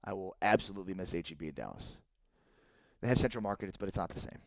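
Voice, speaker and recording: A man's voice: sits low, fast, gravelly, dry recording. A man in his thirties hosting a live-streamed sports talk show, reading viewer comments and getting worked up over trades. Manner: excitable, rises sharply when indignant.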